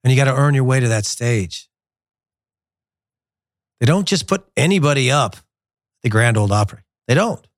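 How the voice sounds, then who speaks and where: A man's voice: medium pitch, expressive, normal speed, long pauses, no room sound. Man, middle-aged, soccer show host, digressive, blunt, casual talk, dry close studio sound. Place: glass-walled studio in a resort. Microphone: studio mic.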